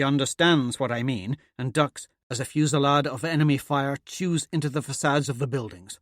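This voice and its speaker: A man narrating a fantasy audiobook in a steady, measured way. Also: medium pitch, no echo, studio quality. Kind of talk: scripted narration.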